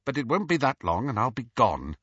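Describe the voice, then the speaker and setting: A brooding, defensive boy who mumbles in a low, guarded tone, as a man reads him aloud. The voice is husky, with a bright edge. It sounds dry and a little muffled. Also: sing-song, brisk, dry recording. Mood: sullen. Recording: slightly dull, dry recording.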